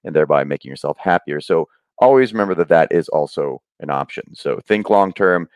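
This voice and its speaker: A middle-aged man with a deep, low-pitched voice guests on a podcast, explaining ideas through anecdotes. He animates his stories by acting out the voices of the people in them. The sound is dry and close, with no room echo. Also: fairly quick. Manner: animated storyteller, acts out quoted voices. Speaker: guest speaker on happiness.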